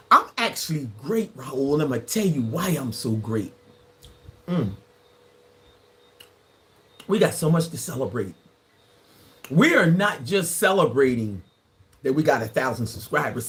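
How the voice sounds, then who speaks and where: A woman about to turn sixty-one, chatting playfully with viewers on a casual livestream and laughing often. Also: lowish voice. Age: 60s. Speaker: livestream host. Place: indoors, live from Grenada.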